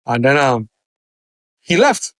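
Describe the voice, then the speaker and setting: A man's voice: mid-range voice, slow, dry recording. A man, co-hosting a casual podcast and telling a story with acted-out voices and frequent laughter. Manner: animated storyteller, acts out voices, laughs often. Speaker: podcast co-host.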